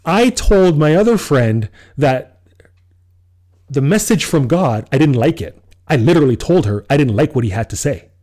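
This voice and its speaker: Man with a dark voice telling a story. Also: fairly high pitch, moderate pace. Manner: animated storyteller, acts out his own quoted lines, laughs often. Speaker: podcast co-host. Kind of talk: casual storytelling chat.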